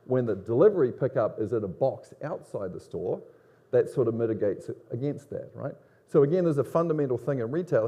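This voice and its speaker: A middle-aged man with a Long Island accent speaks at a conference. His tone is mellow and relaxed. He presents in a lively, conversational way and keeps putting questions to the audience. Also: mid-range voice. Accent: Long Island New York. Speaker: conference speaker, business academic.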